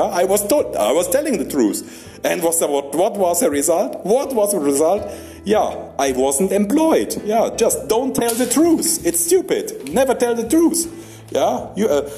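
A young male stand-up comedian with a high voice and dark tone delivers a rambling comic monologue in halting, non-native English. He laughs between lines and keeps tagging them with "yeah?".

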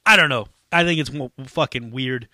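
A man's voice: medium pitch, normal speed, pushed and bright. A man hosting a solo podcast in a casual, rambling, profane way with lots of fillers. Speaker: podcast host.

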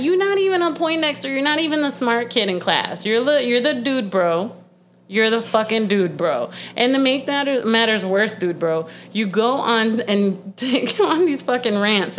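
A woman's voice: on the high side, slight background noise. Fired-up woman in her thirties ranting. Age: 30s. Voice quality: profane, blunt. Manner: heated and exasperated, fast bursts. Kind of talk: ranting monologue.

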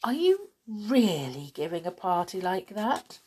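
A woman voicing a small, tearful little girl who is gentle and eager. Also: medium pitch, big pitch swings, measured pace, husky. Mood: wondering.

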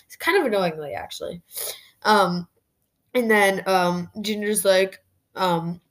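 A woman's voice: medium pitch, animated, slow, long pauses. A woman hosting a podcast, casually reviewing a wrestling show in a chatty way, full of "like" fillers. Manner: chatty, heavy use of "like" fillers. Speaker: podcast host.

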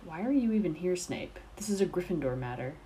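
A hot-headed teenage wizard boy snaps angry retorts and bristles to protect his friends, as a woman reader voices him. The voice is low and mellow, with a dark warmth under the temper. It comes from a storybook reading. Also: lively intonation, a little fast, a little hiss or hum, close to an everyday voice.

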